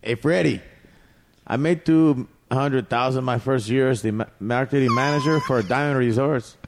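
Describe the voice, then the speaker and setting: A man's voice: medium pitch, normal speed, in a large hall, slight background noise, close to an everyday voice. A man voicing a smug rich man in a put-on Mexican accent, reading posts aloud with mocking laughs. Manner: mocking, laughing between lines.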